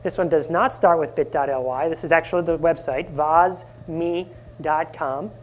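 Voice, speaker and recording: A man presenting a live conference workshop, energetic and often asking the audience questions. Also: on the high side, normal speed, a little hiss or hum. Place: conference room.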